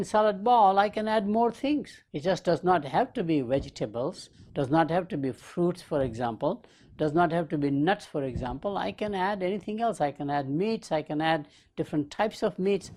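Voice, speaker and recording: A man's voice: fairly high pitch, a little mellow. A man lecturing on a leadership podcast, explaining ideas through everyday analogies and rhetorical questions. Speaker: business professor hosting a leadership podcast. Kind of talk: lecture-style podcast monologue.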